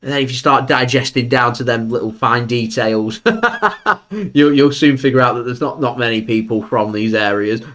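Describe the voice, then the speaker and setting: A man hosting a live football watchalong, chatting opinionatedly and breaking into excited play-by-play. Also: mid-range voice, moderate pace. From England. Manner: chatty, opinionated, bursts up for match action. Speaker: football fan channel host. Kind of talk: live match watchalong commentary.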